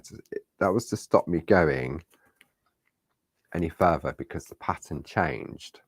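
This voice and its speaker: A man's voice: low voice, sing-song, slow pace, breathy edge, dry recording. A middle-aged man leading a live crafting tutorial, chatty and reassuring, talking straight to his viewers. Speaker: crafting demonstrator.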